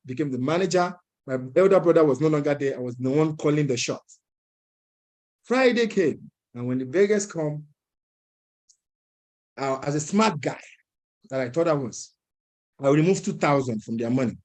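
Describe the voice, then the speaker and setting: At an entrepreneurs' event, a young man with a fairly high voice tells a personal story with energy, chuckling and acting out other people's lines.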